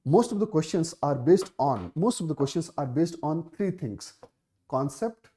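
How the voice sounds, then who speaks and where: A man's voice: on the high side, expressive, normal speed, dark tone, a little hiss or hum. Emphatic Indian English coaching teacher, man. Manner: emphatic, repeats key phrases, many fillers. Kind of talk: live Q&A session answering student questions.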